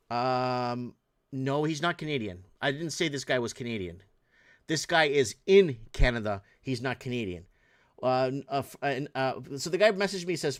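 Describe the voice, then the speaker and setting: A man's voice: medium pitch, sing-song, moderate pace. A man hosting his own podcast, giving casual, exasperated news commentary, rambling with frequent restarts and fillers. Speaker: podcast host.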